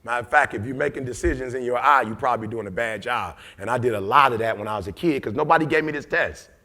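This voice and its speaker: A middle-aged man, giving an emotional, preacher-like motivational talk that swings from loud to low. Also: fast talker. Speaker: motivational speaker.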